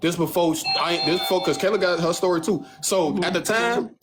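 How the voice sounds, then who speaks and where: A man's voice: high voice, a little fast, music in the background. A young man hosting a livestream on his phone, telling a story casually, with lots of swearing, and mimicking other people's lines in mocking voices. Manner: animated, profane storytelling, acting out others' lines in mocking tones. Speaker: livestream host.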